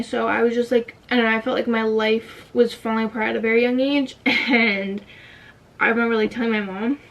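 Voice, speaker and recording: A woman's voice: fairly high pitch, steady tone, fairly quick, recorded from a distance. A young woman telling a personal story in a casual vlog, emotional and fighting back tears, with many "like" fillers. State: tight throat from holding back tears. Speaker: vlogger.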